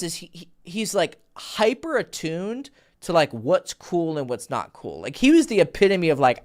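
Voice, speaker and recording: Dating coach guy on a livestream, super lively pitch, says like a lot, swears, medium voice. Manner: rambling, filler-heavy, profane. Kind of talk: casual livestream Q&A chat.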